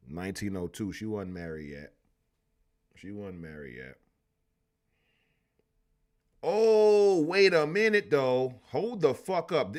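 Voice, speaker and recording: A man hosting a live history stream, ranting in an animated, profane way. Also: fairly low pitch. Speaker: host.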